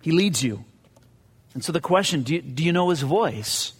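A man's voice: on the high side, lively intonation, moderate pace, slightly rough, in a large hall. A man preaching a sermon as pastor, earnest and conversational, often repeating his words as he goes.

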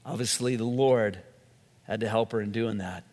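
A man's voice: lowish voice, moderate pace, darkish tone. A man preaching a sermon, telling stories earnestly and stressing key words. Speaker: pastor. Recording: long echoing hall reverb.

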